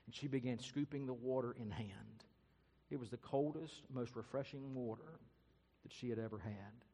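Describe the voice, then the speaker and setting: A man's voice: medium pitch, moderate pace, breathy edge, in a large hall. A man preaching a sermon and telling a story earnestly and dramatically. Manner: earnest, dramatic, varies loudness and pace. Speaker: pastor.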